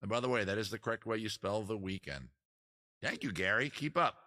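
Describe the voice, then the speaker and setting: A man's voice: fairly low pitch, fairly quick, bright, forceful tone. A man hosting a casual live-stream trivia quiz, joking around and teasing the players. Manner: joking, teasing, crude asides. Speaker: host running a trivia quiz.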